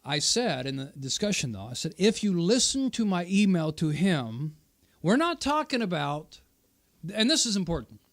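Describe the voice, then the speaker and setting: A man's voice: sits high, big pitch swings, moderate pace. A man hosting his own channel, reviewing a debate in casual commentary, arguing at length and answering viewer comments as he goes. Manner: argumentative, explains at length, repeats points for emphasis.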